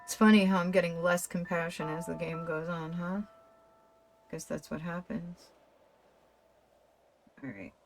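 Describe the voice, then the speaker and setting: A woman's voice: fairly low pitch, steady tone, measured pace, pauses often. A woman streamer giving casual, profane commentary while playing a story game and reading its text aloud. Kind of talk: casual let's-play commentary. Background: faint game music.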